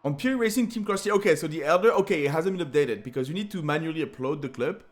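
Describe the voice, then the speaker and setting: A man's voice: on the high side, fast. A tired man with a French accent commentating a live game, joking and filling gaps with lots of "uh". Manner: excitable, joking, many fillers. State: sleep-deprived. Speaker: esports commentator.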